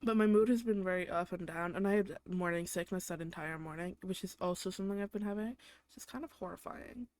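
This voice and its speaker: Venting about daily annoyances and especially her boyfriend, this young podcast host swears nonstop and exaggerates everything on her solo show. She speaks briskly in a lowish, slightly mellow voice, recorded with no room sound.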